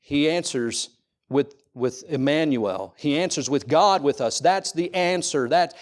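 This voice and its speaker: A middle-aged male pastor preaching a sermon at a church service. He uses repeated rhetorical questions and swings between loud, ringing lines and hushed ones. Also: on the high side, animated, a little slow.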